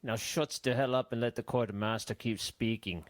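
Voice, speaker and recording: A man voicing a gruff former fisherman turned sailor who barks in rough, pirate-like grammar. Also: medium pitch, fairly even intonation, normal speed, no echo, lightly acted.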